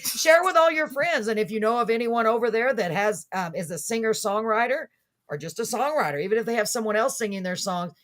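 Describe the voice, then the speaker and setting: A woman's voice: a little high, lively intonation, fairly quick, a bit bright. A woman hosting an interview, chatty and effusive, often laughing. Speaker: show host. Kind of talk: casual interview chat.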